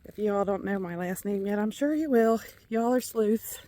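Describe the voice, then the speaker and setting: A woman's voice: medium pitch, moderate pace, dark tone, slight background noise. A middle-aged woman with a Kentucky accent, out of breath as she chats casually with viewers while walking laps outdoors. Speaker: vlogger. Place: outdoors, walking around a neighborhood.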